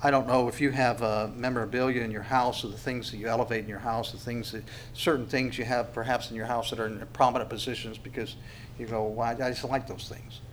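A man preaching a sermon in an earnest, halting way, stumbling over restarts and then pushing hard on key phrases. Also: medium pitch, flat delivery, a little hiss or hum. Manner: earnest, halting, with many restarts and sudden bursts of emphasis. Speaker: pastor.

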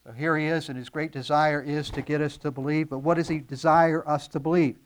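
A man's voice: a little high, level tone, fairly quick. Earnest preaching man, rising emphasis. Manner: earnest, teaching, with emphatic rises and frequent fillers. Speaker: pastor. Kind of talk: verse-by-verse sermon.

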